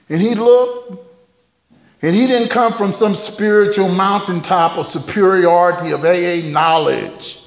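A man's voice: high-pitched, measured pace, creaky. A man telling his own recovery story at a meeting, candid and humorous, in a folksy voice. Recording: echoey hall, heard from a distance.

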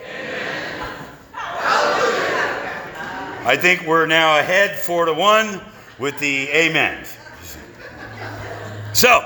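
A man with a bright, sharp, forceful voice tells his recovery story to a live audience with animated, profane comic timing. He sits a little high in pitch for a man. The sound carries a long, echoey hall reverb. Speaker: speaker sharing at a recovery meeting.

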